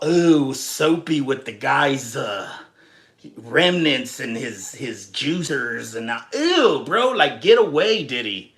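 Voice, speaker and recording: A young man from Texas ranting casually and profanely on his livestream, rambling and joking with viewers. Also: on the high side. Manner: rambling, profane, animated, jokes and chats with viewers. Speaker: livestream host.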